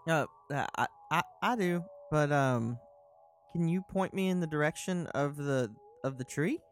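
Male player, a bit higher voice, stumbles through his lines. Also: a little slow, slight background noise. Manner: hesitant, stammering, lots of fillers. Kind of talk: tabletop game play, in and out of character.

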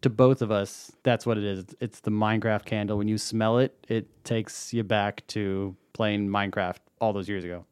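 A man's voice: lowish voice, steady tone, moderate pace, few pauses, a little mellow, clean tone, no room sound. A middle-aged man co-hosting a casual podcast over wine, telling rambling stories and correcting himself as he goes. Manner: rambling, self-correcting storyteller. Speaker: podcast co-host.

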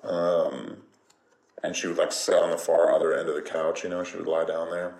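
A man rambling casually and jokingly in a relaxed monologue, swearing now and then. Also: deep voice, normal speed. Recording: roomy echo.

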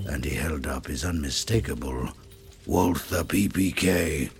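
A man's voice: extremely low pitch, unhurried, vocal fry, faint music behind. A man narrating a rhyming horror-comedy story in a theatrical, dramatic manner.

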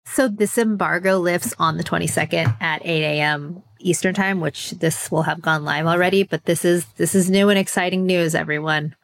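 A woman co-hosting a beauty podcast, chatting casually in a relaxed, wry way. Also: fairly low pitch, normal speed, hardly any pauses. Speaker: podcast co-host, beauty editor.

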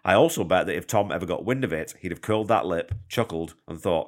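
Low-voiced man hosting a music podcast. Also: fast talker. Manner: chatty, enthusiastic, conversational with asides. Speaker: podcast host. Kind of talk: casual music commentary.

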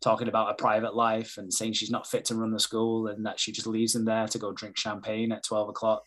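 A man's voice: fairly low pitch, a little fast. A man recapping a television episode in casual podcast chat, swearing often and acting out the characters' lines as he tells it. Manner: sweary, animated retelling with quoted voices. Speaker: podcast host recapping a TV show.

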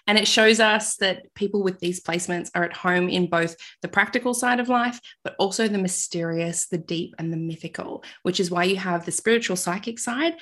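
A woman's voice: lowish voice, moderate pace, hardly any pauses, a bit bright. An Australian woman hosting a podcast interview, bubbly and giggly, chatting casually with her guest. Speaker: podcast host.

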